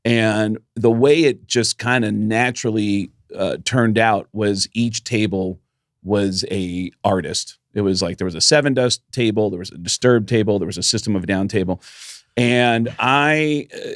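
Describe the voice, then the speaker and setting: Guy w a lowish voice telling a stand-up war story on a podcast, swears a lot, dry close mic. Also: moderate pace, dry recording. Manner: animated storyteller, swears freely, acts out other people in the story. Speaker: comedian and podcast host. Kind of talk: casual storytelling chat.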